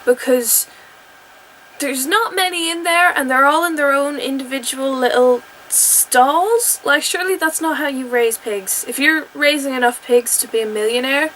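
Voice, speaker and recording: A young adult woman giving an animated, chatty spoken review of a TV episode, often breaking into exclamations. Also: high-pitched, moderate pace, slight background noise, low-quality recording.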